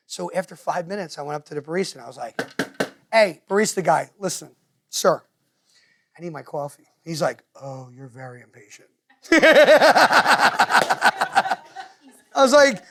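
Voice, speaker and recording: A man with a New Jersey accent, speaking to parents in a meeting room and telling stories with quick impressions of other people. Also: high voice, gravelly. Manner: animated storyteller, quick to mimic others. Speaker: guest speaker. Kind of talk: lively talk to parents. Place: meeting room with a live audience.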